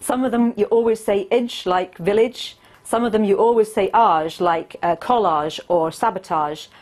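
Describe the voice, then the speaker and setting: Woman, expert guest on a remote link; measured, explanatory delivery. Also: medium pitch, a little mellow. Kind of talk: remote studio interview. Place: remote studio.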